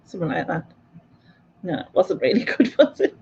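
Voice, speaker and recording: A woman's voice: lowish voice, big pitch swings, moderate pace, vocal fry, darkish tone, dull audio, slight background noise. A woman with a Mackem North East English accent, hosting a live quiz stream and chatting casually as she reads out viewer comments, laughing often. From North East England. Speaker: livestream quiz host.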